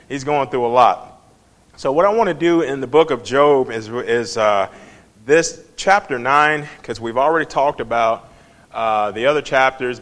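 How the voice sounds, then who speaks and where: A man's voice: medium pitch, a bit bright. A man giving an informal, conversational Bible lesson and asking his listeners questions as he goes. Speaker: Bible teacher.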